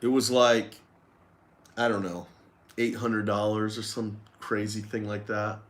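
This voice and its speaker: A man's voice: fairly low pitch, flat delivery, measured pace, fairly bright tone. A man who runs a lawn care business, candidly telling a story in a casual vlog, rambling and swearing freely.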